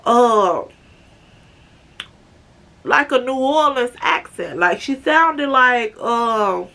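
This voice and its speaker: A woman in her twenties from Chicago telling an animated, slangy storytime to her viewers. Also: fairly high pitch, extremely slow. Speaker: vlogger. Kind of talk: storytime vlog.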